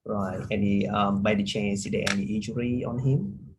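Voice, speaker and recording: Halting, polite low-voiced male doctor. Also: fairly even intonation, background noise. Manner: polite, halting questions with many fillers. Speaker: doctor candidate in a practice exam. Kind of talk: medical exam role-play.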